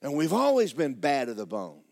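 A middle-aged male pastor, preaching a sermon in a folksy storytelling way that climbs into shouts. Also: mid-range voice, huge pitch swings, moderate pace, vocal fry.

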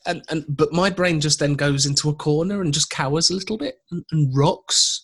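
A man's voice: on the high side, brisk, hardly any pauses, a bit bright, husky. A man co-hosting a podcast in casual chat, agreeable and chatty, often restarting his sentences. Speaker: podcast co-host.

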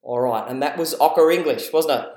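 A man's voice: on the high side, fairly quick, darkish tone. Australian man, podcast host, chatty and encouraging, slightly raised voice, echoey room. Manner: chatty, encouraging, laughs at himself. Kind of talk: casual educational podcast. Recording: roomy echo.

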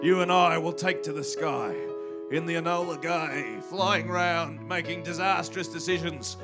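A man's voice: fairly high pitch, unhurried, over loud music. A man in an improvised comedy scene, making grandiose declarations that rise in volume.

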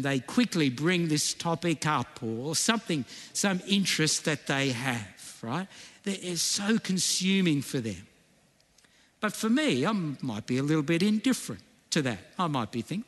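A man's voice: a little high, fairly bright tone, in a large hall. A male pastor preaching a conversational sermon, repeating key phrases and often checking in with the congregation.

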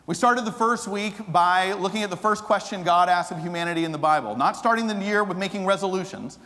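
A man preaching a sermon as pastor, telling a story that moves from animated to hushed and earnest. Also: sits high, a little fast. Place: church sanctuary. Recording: long reverb of a church hall.

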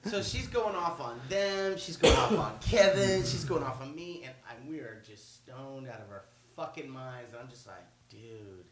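A man telling a story with lots of swearing, dropping to mumbles and then bursting out loud with laughter. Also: mid-range voice, moderate pace, few pauses, crowd noise. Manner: swings from mumbled asides to loud, laughing outbursts. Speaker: guest storyteller. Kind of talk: animated storytelling.

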